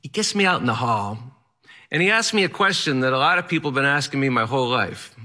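Man telling a story, bright and forceful. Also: medium pitch, lively intonation, fast talker. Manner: vivid, dramatic delivery. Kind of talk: personal story told to an audience.

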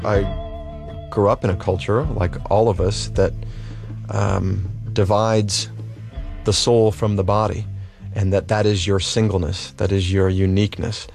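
A man giving reflective personal testimony in a halting, thoughtful way, with many pauses. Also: on the low side, level tone, gravelly, a little mellow, faint music behind. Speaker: interviewee.

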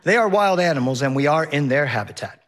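A man's voice: fairly high pitch, expressive, fast, a bit bright. A man voicing an easygoing, chatty female boat captain who explains things to passengers. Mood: informative. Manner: easygoing, informative.

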